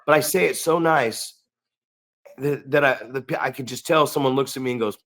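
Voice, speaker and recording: A man's voice: mid-range voice, fairly quick, a bit bright. A man co-hosting a podcast in casual chat, blunt and profane, often acting out the people he quotes. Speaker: podcast co-host and wrestling trainer.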